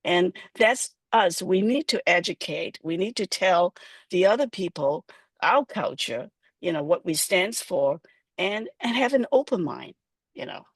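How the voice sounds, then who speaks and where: A woman on a discussion panel, speaking in a measured way with frequent pauses and fillers. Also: on the low side, animated, slightly rough, no room sound.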